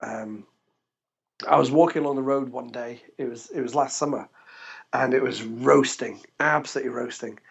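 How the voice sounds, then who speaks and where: Husky gravelly man telling stories. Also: mid-range voice, normal speed. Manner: animated, laughs often while telling stories. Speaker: guest. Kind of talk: casual interview storytelling. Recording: dull lo-fi podcast recording.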